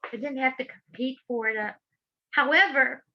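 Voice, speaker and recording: A woman's voice: high voice, moderate pace, lo-fi sound. A middle-aged woman from Georgia with a Southern accent, giving impassioned public testimony in a fervent, preacherly way. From Georgia, USA. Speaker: public speaker.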